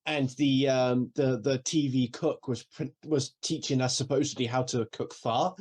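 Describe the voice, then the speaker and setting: A man's voice: medium pitch, normal speed, few pauses, husky. A man co-hosting a podcast, chatting casually with lots of fillers and laughter. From United Kingdom. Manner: animated, laughing, filler-heavy. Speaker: podcast co-host. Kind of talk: casual chat.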